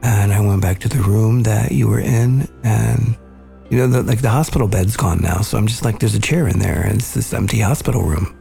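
Low gravelly guy, mellow dark tone, thoughtful storytelling podcast host, faint music behind. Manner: earnest, measured, recounting memories. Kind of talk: reflective storytelling conversation.

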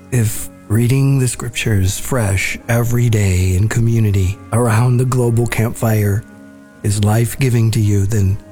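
A man with a mellow, dark voice gives a podcast's closing announcements. He speaks slowly and unhurriedly, with soft music playing faintly behind him. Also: mid-range voice. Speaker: podcast host.

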